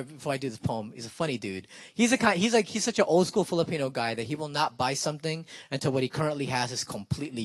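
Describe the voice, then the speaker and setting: A young man telling a comic story to an audience, animated and chatty, often checking in with "right?". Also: fairly high pitch, dry recording. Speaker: spoken word performer.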